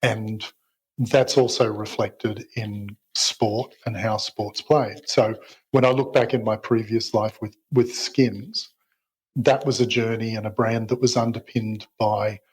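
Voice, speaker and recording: Husky-voiced man chatting as a guest. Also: fairly low pitch, little pitch movement, takes it slowly, low-quality recording. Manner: hesitant, many fillers and restarts, self-deprecating. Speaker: podcast guest, entrepreneur. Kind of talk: casual interview chat.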